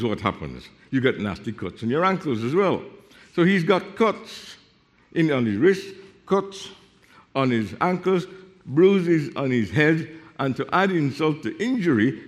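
A man preaching a sermon, explaining Bible verses and reading them aloud, with sudden drops to a hushed voice. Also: fairly high pitch. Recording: long reverb of a hall.

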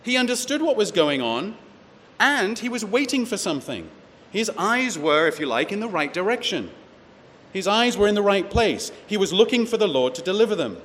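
A man's voice: sits high, sing-song, normal speed, fairly bright tone. Man teaching scripture in an echoey hall. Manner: expository, reads verses then explains, rhetorical questions. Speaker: preacher teaching a Bible class. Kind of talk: sermon-style Bible teaching. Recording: echoey hall with faint ambient noise.

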